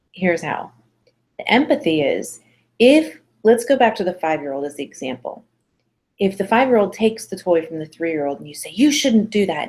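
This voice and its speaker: Chatty, encouraging woman parenting instructor. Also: fairly low pitch. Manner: chatty, encouraging, acts out quotes with lively voices. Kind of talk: casual webinar talk to mothers.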